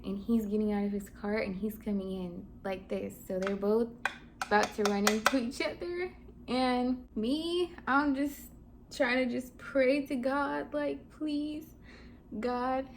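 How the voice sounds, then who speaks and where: A woman in her twenties, a vlogger telling a personal story in a casual, animated style with lots of "like"s. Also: medium pitch, slight background noise. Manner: casual, animated retelling with many "like"s. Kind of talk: storytime chat.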